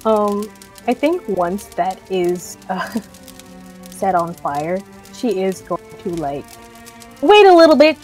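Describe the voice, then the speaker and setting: A woman's voice: medium pitch, sing-song, slow pace, a little mellow, faint music behind. A woman playing a tabletop game, giggly and hesitant. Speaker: player. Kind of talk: casual tabletop play.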